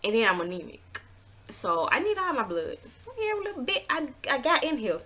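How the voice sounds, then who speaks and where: A woman telling a personal story in a casual vlog, animated and exasperated, swearing freely and acting out what people said. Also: normal speed. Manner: acts out quotes with pitch jumps.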